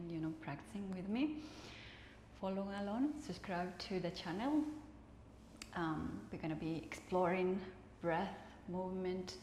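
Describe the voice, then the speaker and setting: Slow calm woman guiding movement. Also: on the low side, slight background noise. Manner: calm cueing, counting reps, soft encouragement. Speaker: movement and breathwork instructor. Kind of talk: guided movement practice. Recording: echoey room with long reverb.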